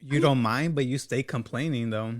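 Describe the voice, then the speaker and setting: A man's voice: mid-range voice, moderate pace. Casual man reacting with teasing remarks. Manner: casual, teasing, laughs at the clip. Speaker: commentary host. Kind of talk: reaction commentary.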